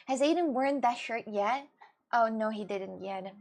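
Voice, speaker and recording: High-voiced woman chatting to viewers. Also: measured pace, a little mellow. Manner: rambling, restarts, swings into mock outbursts. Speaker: live streamer. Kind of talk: casual chat with viewers.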